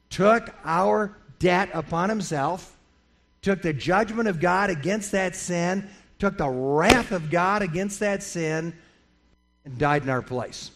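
Middle-aged pastor guy preaching, fairly high voice, lively, does little voices for the people in the story. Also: gravelly. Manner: animated, acts out quoted voices. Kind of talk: sermon.

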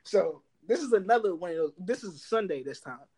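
A young man telling workplace stories in casual chat, animated and laughing, loudly acting out what others said. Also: high-pitched, a little fast, slightly rough. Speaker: storyteller.

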